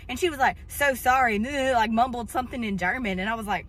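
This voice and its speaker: A woman's voice: on the high side, fairly quick, few pauses, a bit bright. Chatty woman telling a story on vlog. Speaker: vlog co-host.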